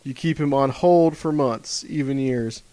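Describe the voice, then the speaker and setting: A man co-hosting a casual podcast chat, rambling and easygoing, sometimes reading a passage aloud in a steady, measured way. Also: medium pitch. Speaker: podcast co-host.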